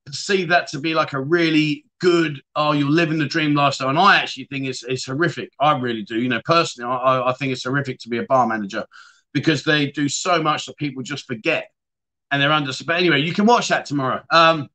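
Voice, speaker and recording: A man's voice: medium pitch, quick pace, pushed and bright. A man hosting a casual livestream chat show, reading viewer comments aloud and answering them in a chatty way.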